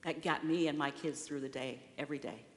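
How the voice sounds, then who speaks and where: A woman in her sixties giving a sermon as guest speaker in a church sanctuary, telling a personal story in an expressive storytelling way. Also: sits low, a little fast. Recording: long reverberant hall.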